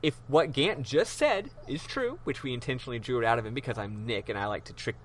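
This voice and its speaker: A man's voice: medium pitch, animated, quick pace, slight background noise. A man hosting a podcast, casually retelling a game's story in loose, profane chat with lots of ums. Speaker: podcast host. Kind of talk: casual game recap chat.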